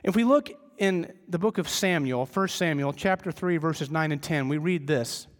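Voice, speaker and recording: A middle-aged man preaching a sermon as pastor, conversational, telling humorous family stories and dropping his voice low for emphasis. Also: moderate pace. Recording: long reverb of a large hall.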